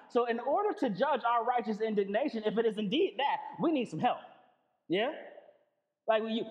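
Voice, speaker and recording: Male pastor, high-pitched, chatty sermon delivery with repeated words; reverberant, muffled recording. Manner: conversational, repeats words, calls on listeners with 'listen'. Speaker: preacher. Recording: long reverb, dull lo-fi sound.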